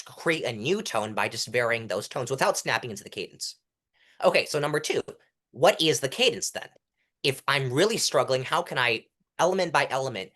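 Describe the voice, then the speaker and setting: A young man, a guest in a casual interview, talking animatedly and acting out delivery styles as he coaches. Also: medium pitch. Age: young adult. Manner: animated, demonstrates delivery styles mid-sentence. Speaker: guest, mock trial competitor.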